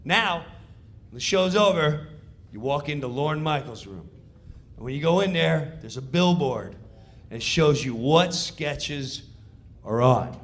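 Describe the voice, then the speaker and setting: A man telling a comedic story, acting out voices and countdowns in an animated way. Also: on the high side, a little slow, long pauses.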